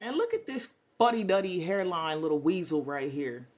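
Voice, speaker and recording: A woman hosting a commentary show, talking in animated, slangy, mocking as she reacts to clips. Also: on the low side, normal speed, no echo, dull audio. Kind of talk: casual commentary on news clips.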